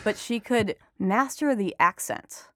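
A woman's voice: mid-range voice, slow pace, dry recording, clean studio sound. Chatty woman reporter telling stories. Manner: chatty, animated storytelling with frequent laughs. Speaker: entertainment reporter and author, interview guest. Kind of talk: conversational interview.

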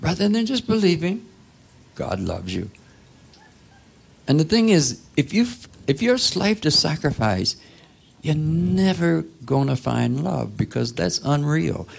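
A man's voice: on the high side, big pitch swings, unhurried, creaky, breathy edge. A man preaching a sermon in a church, talking to the congregation in a conversational way, asking rhetorical questions and sometimes dropping to a whisper.

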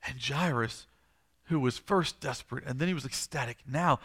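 A man's voice: fairly high pitch, animated, brisk, fairly bright tone. A male pastor preaching a sermon, retelling a story dramatically and repeating phrases for emphasis.

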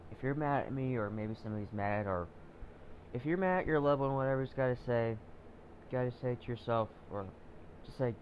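A man's voice: medium pitch, lo-fi sound, a little hiss or hum. A man hosting a solo podcast, ranting in a rambling, profane way, with lots of fillers and repeated phrases. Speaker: podcast host.

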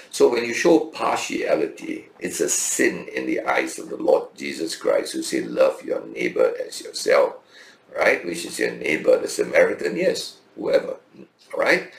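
A man teaches a Bible lesson at an unhurried pace, his gravelly voice swooping widely in pitch. He is emphatic and keeps checking that his listeners follow. The room gives his voice a clear echo. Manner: emphatic, asks the listeners "right?" often. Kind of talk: Bible study lecture. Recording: echoey room.

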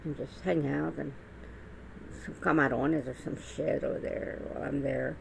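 Blunt, gravelly-voiced woman rambling. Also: low-pitched, fairly even intonation, normal speed, a little hiss or hum, rough recording. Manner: blunt, profane, rambling with many restarts. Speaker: vlogger. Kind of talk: casual monologue.

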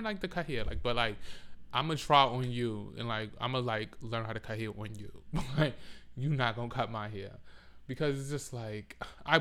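A young man, telling a profane, dramatic story in a casual vlog. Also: medium pitch. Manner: animated, profane, dramatic retelling. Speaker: vlogger.

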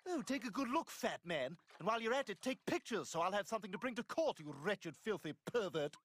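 A man's voice: high-pitched, animated, fairly quick, a bit bright. A man voicing a haughty cartoon baby boy who talks in an imperious, insulting manner. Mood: scornful. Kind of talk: cartoon voice acting.

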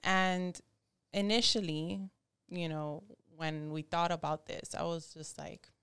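A woman who teaches yoga speaks as a podcast guest in a relaxed, frank way, now and then swearing. Her voice is fairly low for a woman and very clean and clear. The sound is dry and close to the mic. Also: takes it slowly, no echo. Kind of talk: casual interview chat.

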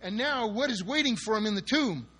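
A man's voice: high voice, expressive, fairly quick, pushed and bright, slightly rough. A man preaching a sermon with emphatic, dramatic delivery, acting out the scenes he describes. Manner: emphatic, dramatic, spells words out and acts out quotes.

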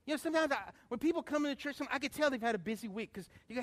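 Middle-aged guy preaching, pretty high voice, lively, gets the crowd to answer back. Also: racing. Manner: animated, calls for congregation responses. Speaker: pastor. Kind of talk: sermon with anecdote.

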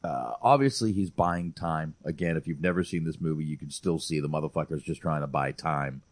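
A man's voice: very deep voice, a little fast, dry recording. A man hosting a podcast, rambling and swearing casually while reviewing a movie. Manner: rambling, profane and animated. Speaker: podcast host.

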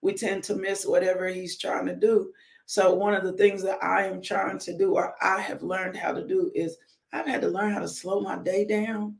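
A woman's voice: medium pitch, vocal fry, darkish tone, roomy sound. A woman hosting a live-streamed morning devotional. She preaches conversationally, speaks straight to her viewers, and breaks into whoops and laughter. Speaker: devotional host.

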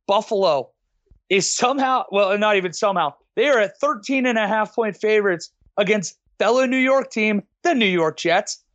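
A man's voice: sits high, fairly bright tone, dry recording. A man co-hosting a sports podcast, stumbling and restarting as he works through his points. His comments come with a sardonic edge. The voice is recorded dry, with no room sound. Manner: hesitant, restarts often, then sardonic. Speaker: podcast co-host. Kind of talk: casual sports podcast chat.

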